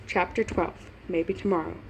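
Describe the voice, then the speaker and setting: Eine Frau liest zu Hause Fan-Fiction vor, plaudernd, stolpert über Wörter, mit leichtem Rauschen im Hintergrund. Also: female voice, lowish voice, steady tone, normal speed, vocal fry, noisy background. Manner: chatty, laughing asides, stumbles over words. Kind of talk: casual reading aloud with asides.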